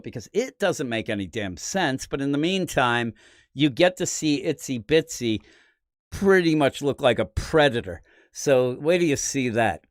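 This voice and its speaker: A man from the Philadelphia area, USA, hosts a comics podcast, giving a rambling, opinionated preview of the week's comics full of animated asides. His voice is medium-pitched, and the studio-quality recording has no echo.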